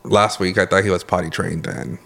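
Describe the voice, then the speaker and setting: A man's voice: deep voice, fairly even intonation, fairly quick, creaky, a bit bright. A man co-hosting a podcast, chatting casually and telling rambling stories, often correcting himself and laughing. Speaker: podcast co-host; works in the medical field. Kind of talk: casual chat.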